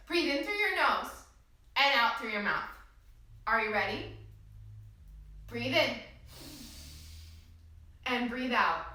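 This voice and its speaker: A woman teaching a children's yoga class, guiding gently and encouragingly with slow, soothing instructions. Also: high-pitched, far from the mic. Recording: echoey room, voice from off-mic.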